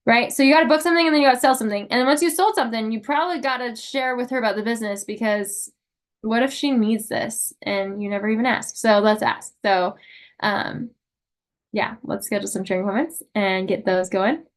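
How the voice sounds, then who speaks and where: Upbeat young woman team leader on a video call, fairly high voice, lots of ums and likes. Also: a little fast. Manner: upbeat, emotional pep talk with many fillers. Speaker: sales unit leader.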